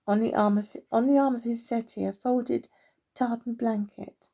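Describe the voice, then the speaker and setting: A woman, gently reading a children's story aloud. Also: on the high side, steady tone, normal speed, creaky.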